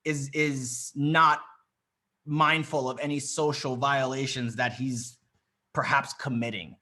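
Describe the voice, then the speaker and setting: Bright, brash coaching man. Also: medium pitch, fairly even intonation, slow. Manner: blunt, profane, confident. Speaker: dating coach. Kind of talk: live coaching session. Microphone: video call.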